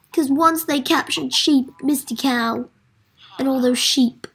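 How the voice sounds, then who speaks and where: A woman's voice: high-pitched, slow pace, a bit bright, breathy edge, rough recording. A woman hosting a casual game playthrough, speaking straight to her viewers in a melodramatic way. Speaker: gaming channel host. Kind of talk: casual let's-play commentary.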